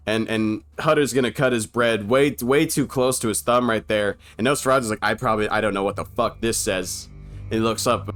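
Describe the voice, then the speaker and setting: A young man giving casual, excited commentary on an old film, slangy, swearing and laughing often. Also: medium pitch. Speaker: movie reaction commentator.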